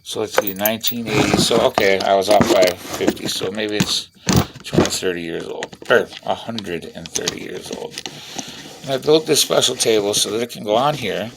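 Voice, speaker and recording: A gravelly, low-voiced middle-aged man with a drawl, talking in a loose, rambling vlog monologue. He swears freely and tells things bluntly while he tinkers with tools. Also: normal speed, background noise. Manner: profane, blunt storyteller; talks while working with tools. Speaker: vlogger.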